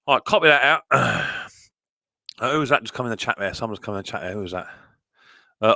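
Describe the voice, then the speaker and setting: A middle-aged man hosts a live stream from home, greeting viewers and chatting away cheerfully. He talks fast in a bright, forceful voice. The sound is dry and close, with no room echo. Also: mid-range voice, animated, vocal fry. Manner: chatty, cheerful, reads viewer comments aloud. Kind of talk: casual live stream chat.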